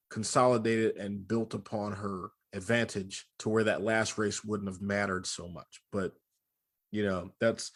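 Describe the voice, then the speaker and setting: A man hosting a casual car talk show, relaxed and self-mocking, explaining racing history in long runs. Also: fairly low pitch. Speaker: podcast host. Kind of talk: casual chat and car commentary.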